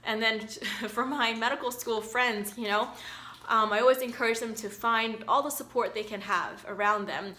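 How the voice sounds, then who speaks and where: A woman who is a doctor and mother reads a picture book aloud to children and chats about it, her fairly high voice fairly even in intonation at a normal pace. She sounds chatty, warm, and encouraging, using many fillers.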